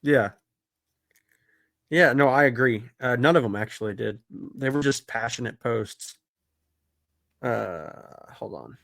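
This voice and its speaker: A man's voice: medium pitch, slow, creaky, long pauses, fairly bright tone, dry recording, studio quality. A man hosting a football podcast in casual chat, rambling with lots of filler words, swearing and laughing. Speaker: podcast host.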